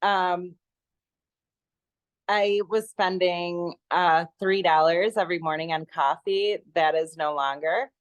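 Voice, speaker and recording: A woman's voice: lowish voice, fairly even intonation, slow, clean tone, dry recording. A woman chatting on a video call, enthusiastic and rambling with many fillers. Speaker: guest sharing her product story. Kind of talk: casual chat on a video call.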